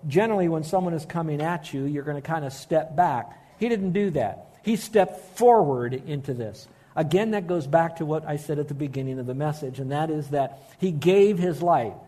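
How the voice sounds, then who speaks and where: A man preaching a sermon, earnest and emphatic, slowing down to stress key phrases. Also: on the high side, mellow. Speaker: pastor.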